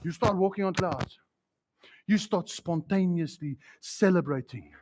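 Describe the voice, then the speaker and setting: A man with a New Zealand accent preaching a sermon in a church, fiery and excitable, swinging from shouts to hushed tones and calling listeners bro. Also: sits high, unhurried, very noisy. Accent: New Zealand English. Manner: casual slang, calls listeners bro and man. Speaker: pastor. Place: church hall.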